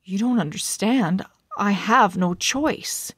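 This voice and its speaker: A woman's voice: medium pitch, slow pace, fairly bright tone, slightly rough, no room sound, studio quality. A woman voicing an earnest, lovestruck young man in a storybook read-aloud, with a pleading delivery.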